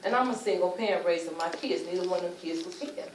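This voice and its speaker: A woman giving an emotional personal testimony at a luncheon, telling her story in animated, informal speech and acting out what people said. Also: fairly low pitch, quick pace, a little hiss or hum. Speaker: speaker sharing a personal testimony. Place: luncheon event room. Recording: roomy, distant mic, faint ambience.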